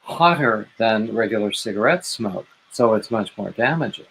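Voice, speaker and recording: A man hosting a live stream, talking in a measured, explanatory way with some wry humor. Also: fairly low pitch, lively intonation, creaky, a bit bright, a little hiss or hum, poor audio. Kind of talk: casual chat.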